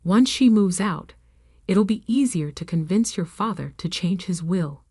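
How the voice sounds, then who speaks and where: A woman's voice: on the low side, animated, a little slow, warm tone, slightly rough, dry recording, clean studio sound, exaggerated voice. A woman voicing a dramatic, tearful middle-aged mother. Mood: calming. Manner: dramatic, accusing.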